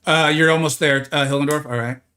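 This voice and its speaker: Bright-voiced male game streamer chatting. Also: a little high, steady tone, fairly quick. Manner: chatty, answers viewer chat, frequent restarts. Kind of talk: casual livestream chat while playing.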